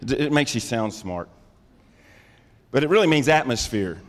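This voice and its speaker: Middle-aged guy preaching in a church, call and response, gets loud, big echo tail. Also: medium pitch, expressive, normal speed. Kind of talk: sermon. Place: church sanctuary.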